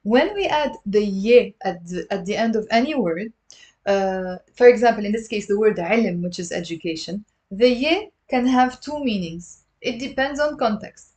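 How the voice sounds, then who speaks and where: A woman's voice: medium pitch, lively intonation, normal speed, a little mellow. A woman giving a live-streamed language lesson to a webcam, explaining step by step, drilling pronunciation and answering viewer questions. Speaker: online Arabic teacher.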